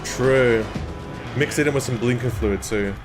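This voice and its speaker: A man's voice: mid-range voice, unhurried, music in the background. A man with an Australian accent streaming a game, talking casually with stammers and frequent laughter. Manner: rambling, stammering, laughs often. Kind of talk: casual gaming chat.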